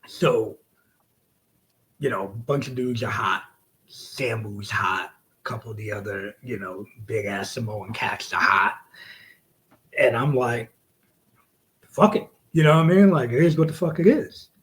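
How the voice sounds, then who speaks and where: Profane, animated man telling a wrestling story. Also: lowish voice, measured pace, low-quality recording. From United States. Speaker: wrestler guest. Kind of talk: casual storytelling interview.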